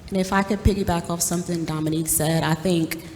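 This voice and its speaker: A woman's voice: on the low side, fairly even intonation, fast, a little mellow, slight background noise. A young woman speaking earnestly and with emotion about her own experiences as a panel speaker. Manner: earnest, emotional, voice rising as she grows upset. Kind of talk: personal testimony. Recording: reverberant hall with faint ambience.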